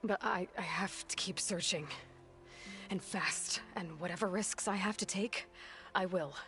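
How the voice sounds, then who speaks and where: A driven young game heroine, lowish voice, hushed and firm. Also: female voice, measured pace, soft background music. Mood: resolute. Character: determined young woman hunter, blunt.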